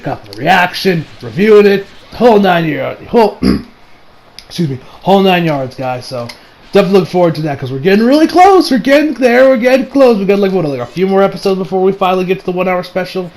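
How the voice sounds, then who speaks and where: A man with a fairly high voice recapping an anime episode in an off-the-cuff way. He trails off and backtracks, using lots of slang and casual swearing. He sounds excitable throughout. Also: fairly quick, rough recording. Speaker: anime reviewer.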